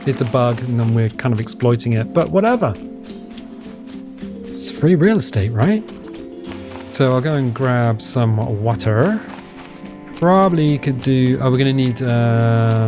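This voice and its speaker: A man in the middle of his pitch range chats through his gameplay, rambling and self-deprecating, often talking to himself. Soft game music sits faintly behind his voice. The delivery is loose and casual rather than scripted. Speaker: gameplay commentator. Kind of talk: casual let's-play commentary.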